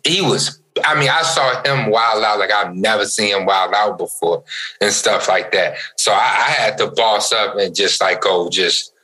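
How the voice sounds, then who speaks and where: A young man co-hosting a podcast, telling a story in casual chat and acting out the voices he quotes. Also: low-quality recording. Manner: animated storyteller, acts out quotes with big pitch jumps. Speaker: podcast co-host.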